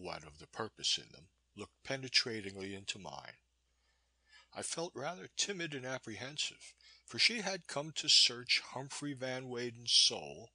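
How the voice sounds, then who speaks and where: A male audiobook narrator with a husky yet sharp, forceful tone. His pitch moves in lively arcs as he reads in a measured, expressive way. The recording is dry and close. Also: no echo. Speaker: audiobook reader. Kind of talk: scripted narration of a classic novel.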